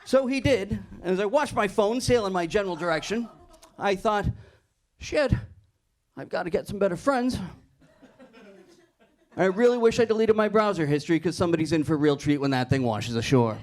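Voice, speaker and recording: A man performing stand-up in a comedy club, his voice sitting a little high for a man. He carries a long anecdote and plays every character in it himself, switching voices between lines. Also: fairly quick. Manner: storytelling, acts out dialogue with shifting voices.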